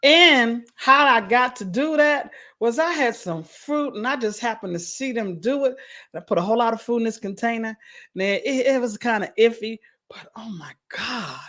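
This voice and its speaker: Chatty woman radio host. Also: fairly high pitch. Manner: lively, chatty, quick to laugh. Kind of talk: casual chat interview.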